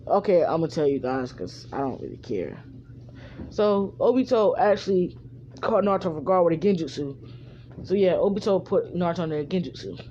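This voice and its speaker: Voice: medium pitch, very animated, brisk, warm tone, a little hiss or hum. Rambling fan storyteller in a lo-fi recording. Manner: rambling, full of fillers. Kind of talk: improvised fan story narration.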